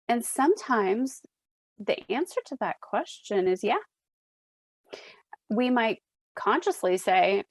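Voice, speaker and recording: A woman hosts a podcast conversation and takes her time, with a gravelly, fry-laden texture. Her tone is calm and reflective, like a coach. The sound is close and dry. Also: medium pitch, slow pace, long pauses, no room sound. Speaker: podcast host. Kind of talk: casual chat.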